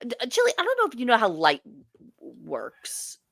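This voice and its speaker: Animated young woman co-hosting a livestream. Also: fairly high pitch, brisk, dry recording, studio quality. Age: young adult. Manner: animated, profane, laughing asides to viewers. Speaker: livestream co-host. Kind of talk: casual commentary chat.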